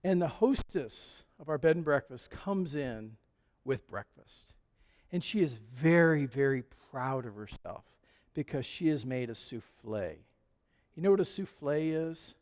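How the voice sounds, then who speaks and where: High-voiced preacher in a reverberant hall. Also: male voice, lively intonation, measured pace, a little mellow. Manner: conversational storytelling with chuckles. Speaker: pastor. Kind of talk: sermon. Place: church sanctuary. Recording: long church hall reverb.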